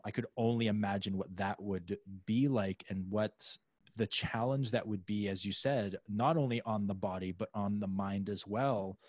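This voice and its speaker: A man with a fairly low voice hosts a relaxed, casual conversation. He rambles with frequent restarts and fillers, and now and then jumps higher to act out what someone else might be thinking. The sound is dry and close. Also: no echo. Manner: acts out other people's inner voices in a raised pitch. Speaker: podcast host.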